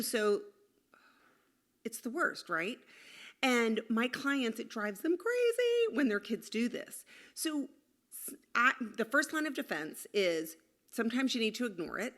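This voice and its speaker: A woman's voice: on the high side, sing-song, unhurried, fairly bright tone. Woman parenting coach giving casual advice. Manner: acts out kids' replies in snippy voices. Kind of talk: casual advice talk to camera.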